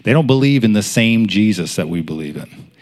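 A man's voice: fairly low pitch, animated, brisk, a little mellow. A man in his thirties preaching a sermon in a casual, storytelling way, with many fillers. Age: 30s.

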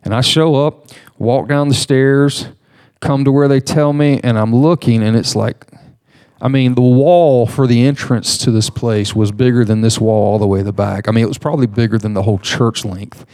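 Guy preaching a sermon, animated storytelling, laughs and restarts, middle pitch. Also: normal speed. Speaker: pastor.

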